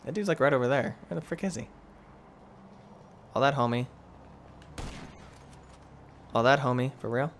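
A young man hosting a gaming channel, giving excitable live commentary that swings from muttering to yelling, trash-talking other players. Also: medium pitch, moderate pace, pauses often, a little hiss or hum.

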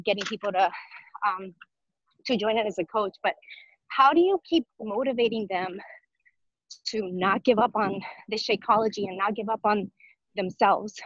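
A woman's voice: medium pitch, fairly bright tone, no echo, lo-fi sound. A woman mentee eagerly asking a question on a video call. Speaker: coaching mentee.

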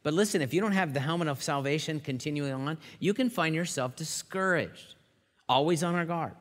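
A male pastor preaching a sermon with animated storytelling, acting out the quotes. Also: a little high, a little fast. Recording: long hall reverb.

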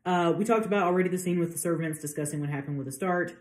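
A woman with a low voice gives a relaxed literature lecture, chatty and full of fillers. She acts out the quotes she talks about. The room sounds echoey around her. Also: rapid-fire. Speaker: literature professor. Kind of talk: casual lecture.

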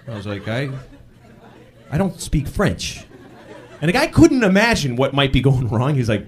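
A man doing a stand-up set on a club stage, telling stories and breaking into loud yells for punchlines, with the audience laughing behind him. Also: on the high side, brisk, some chatter behind. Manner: animated storytelling, bursts into loud yells for punchlines. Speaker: stand-up comedian.

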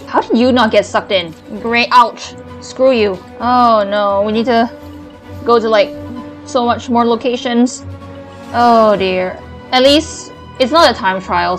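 A woman with a somewhat high voice streams a game, grumbling and swearing in a dry, sarcastic way. Her voice is a little cracked from complaining for so long. Soft game music plays faintly behind her. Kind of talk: casual gameplay commentary.

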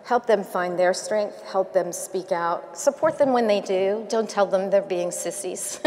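A woman's voice: medium pitch, a little slow, darkish tone. Candid woman speaker in a reverberant hall. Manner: candid storytelling with laughs and asides. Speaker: keynote speaker. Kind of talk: conference keynote and Q&A. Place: large domed hall.

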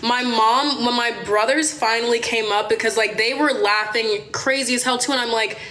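Young woman from Maryland, slightly high voice, loose chatty livestream storyteller with frequent swearing. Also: moderate pace, a crowd in the background. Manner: animated, chatty, swears, addresses viewers as y'all. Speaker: livestream host. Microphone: phone.

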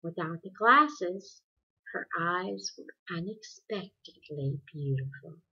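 A woman narrates a novel chapter aloud in an even, expressive storybook manner. Her voice is bright and a little breathy. The recording sounds dull and lo-fi. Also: on the low side, takes it slowly. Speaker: audiobook reader.

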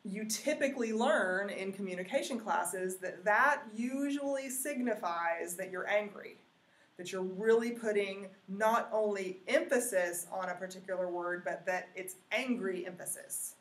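A woman's voice: medium pitch, a little slow. A woman teacher giving a recorded lesson, explaining step by step with many ums and uhs. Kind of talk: recorded classroom lecture. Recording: roomy, mic far off.

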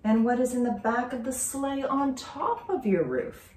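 A woman's voice: fairly high pitch, animated, a little slow, a little mellow, a little hiss or hum, pitched above the performer's own voice. A woman voicing a playful girl neighbor with a teasing, knowing manner, in a storybook read-aloud. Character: playful girl neighbor who knows secrets. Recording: roomy, distant from mic.

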